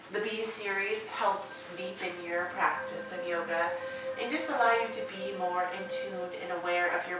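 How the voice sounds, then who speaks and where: A woman yoga instructor giving gentle, encouraging cues with drawn-out phrasing and playful, chatty asides. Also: medium pitch. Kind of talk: guided yoga class talk. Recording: echoey room, distant mic, music behind.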